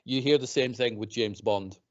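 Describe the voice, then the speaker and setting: A man hosting a casual podcast chat, animated, mocking others by putting on voices. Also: mid-range voice, normal speed. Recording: dull lo-fi podcast audio.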